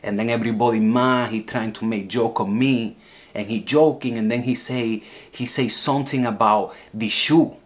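A man's voice: medium pitch, fairly even intonation, moderate pace, close to an everyday voice. Man as an angry heckler with broken English for a comedy sketch, rambling and boastful. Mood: indignant. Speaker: heckler filing a lawsuit.

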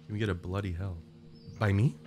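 A man's voice: sits low, fairly even intonation, fairly quick, music in the background. A man streaming a game, chatting casually and joking as he reads chat messages aloud.

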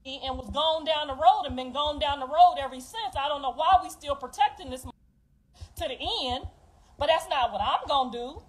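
Woman, 50s, high voice, confessional livestream rant, emphatic and blunt. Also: low-quality recording. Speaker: mother telling her life story.

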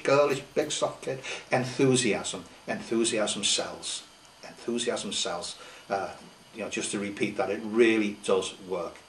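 A man's voice: medium pitch, fairly bright tone, slight background noise. Emphatic man in an echoey room. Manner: emphatic, repeats key words for effect. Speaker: sales trainer. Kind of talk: unscripted spoken tutorial. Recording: echoey room, distant mic.

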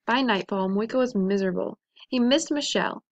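A woman teacher reading a picture book aloud to children in a gentle, expressive storytelling voice. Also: medium pitch, fairly quick, lo-fi sound.

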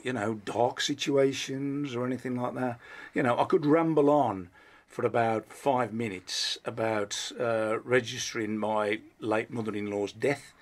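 A middle-aged man with a Black Country accent, a comedian chatting as a radio guest, telling rambling, self-deprecating stories full of restarts. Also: mid-range voice. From Black Country, England. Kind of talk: casual interview chat.

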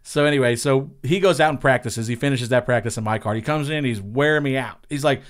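A man's voice: mid-range voice, quick pace. A middle-aged man from Long Island, a racing spotter, telling profane stories and acting out what people said. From Long Island, New York. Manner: profane, animated storyteller acting out quotes. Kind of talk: casual storytelling.

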